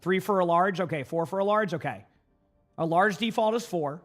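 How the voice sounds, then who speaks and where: A high-voiced Massachusetts man without a regional accent live-streams over faint music. He rambles casually to chat, full of filler words, firing off quick replies to viewers.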